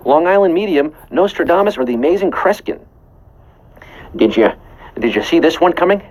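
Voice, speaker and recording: A man's voice: a little high, animated, normal speed, a little mellow, low-quality recording. A man hosting a live trivia game show, playful and jokey, breaking into song snippets between questions. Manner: playful, punning, sings snippets. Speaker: quiz show host.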